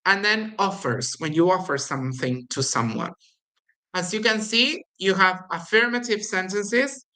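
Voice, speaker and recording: A woman with an Argentine Spanish accent teaching English grammar, slowly explaining and repeating example sentences with exaggerated intonation. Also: mid-range voice, bright, forceful tone, poor audio. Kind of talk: recorded language lesson.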